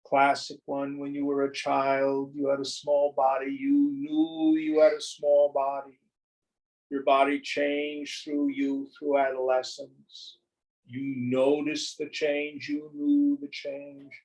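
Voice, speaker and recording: Slow, gravelly spiritual teacher, a man. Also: mid-range voice, steady tone, a little mellow, low-quality recording. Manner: slow, deliberate, acts out little dialogues. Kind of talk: teaching a study group.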